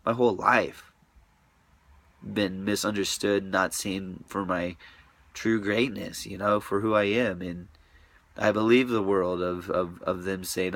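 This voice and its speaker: A man's voice: sits low, normal speed, fairly bright tone. A man talking to camera in a rambling, profane monologue, restless and often trailing off into mutters.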